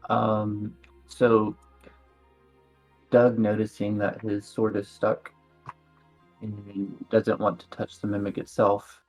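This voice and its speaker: Slow, low-voiced hesitant male player. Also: monotone, a little mellow, faint music behind. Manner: hesitant, hedges with many likes. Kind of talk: casual tabletop play.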